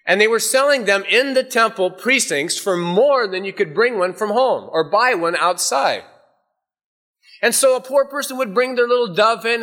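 A man preaching a sermon, animated, often dropping to a hushed, intense voice for emphasis. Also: high voice. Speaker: pastor.

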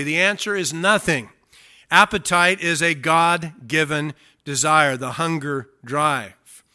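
A male pastor delivers an expository sermon with an emphatic, searching delivery. He often asks his listeners direct questions. His voice is fairly high and very bright, with a sharp, forward edge.

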